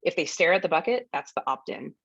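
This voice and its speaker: A woman dog trainer leads a workshop webinar, narrating video clips in a friendly, casual, explanatory way with ums and laughs. Her low voice is brisk, a bit bright and lively in intonation, recorded with no echo but dull audio.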